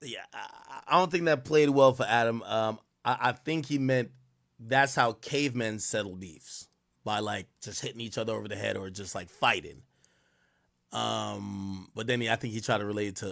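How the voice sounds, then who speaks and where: A man hosting a livestream, reacting to a clip in casual, slangy, excitable commentary. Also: lowish voice, moderate pace, gravelly. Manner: animated, excitable, slangy, repeats himself.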